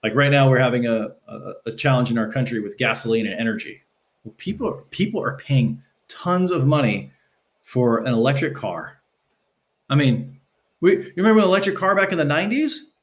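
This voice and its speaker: A man speaking as a guest on a podcast, telling stories casually and acting out quotes with shifting pitch. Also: animated, brisk. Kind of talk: casual conversational storytelling. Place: Los Angeles.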